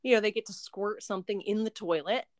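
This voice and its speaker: A woman's voice: medium pitch, quick pace, dry recording, studio quality. A young woman, a homeschooling mother, chatting in an interview with a rambling, filler-heavy way of talking. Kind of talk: casual interview chat.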